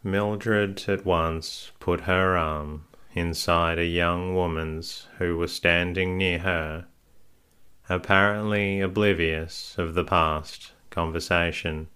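A man with a very low voice reads a sleep story aloud, slow and calm. His tone stays smooth and resonant, barely rising or falling from line to line. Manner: calm, unhurried reading. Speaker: sleep story podcast host. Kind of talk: scripted bedtime story narration.

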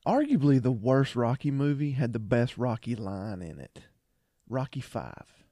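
A man co-hosting a casual podcast, trading favorite movie quotes. His pitch swings a lot as he gets worked up, and his voice sits mellow and dark. The sound is dry and close. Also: a little slow, no echo. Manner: animated, quotes movie lines with laughter. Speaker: podcast co-host. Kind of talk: casual chat.

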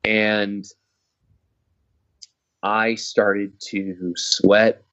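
A man casually telling a personal story, halting and restarting often, swearing now and then. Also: on the low side, level tone, a bit bright, lo-fi sound. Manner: halting, frequent restarts and fillers.

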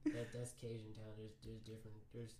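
A man's voice: lowish voice, completely flat delivery, a little fast, mellow, roomy sound, slight background noise. A young man with a Texan accent, chatting casually as a podcast co-host and rambling with lots of "like". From Texas. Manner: rambling, leans heavily on "like", swears casually. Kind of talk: casual chat.

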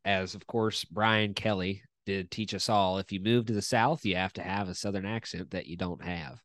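A man's voice: low voice, fairly even intonation, moderate pace, a bit bright, no room sound. A man hosting a sports podcast, chatting casually and upbeat, laughing easily. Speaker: podcast host.

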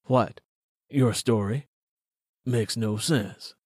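A man reading an audiobook, voicing a stern, skeptical small-town male police officer who questions slowly and bluntly. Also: mid-range voice, darkish tone, breathy edge, no room sound, clean studio sound. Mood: probing. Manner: slow, deliberate, blunt questioning. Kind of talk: audiobook character voice.

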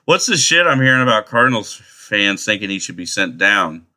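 A man's voice: lowish voice, big pitch swings, moderate pace, bright, forceful tone. A man hosting a podcast, chatting casually about baseball with profane, teasing, rambling talk. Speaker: podcast host. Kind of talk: crude casual chat.

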